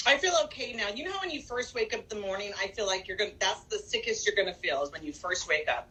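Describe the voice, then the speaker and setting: A woman's voice: medium pitch, animated, fast talker, bright, forceful tone, rough recording. Blunt Californian woman with a cold. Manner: blunt, opinionated, swears casually. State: nasal from a cold. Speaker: podcast co-host. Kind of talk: casual podcast chat.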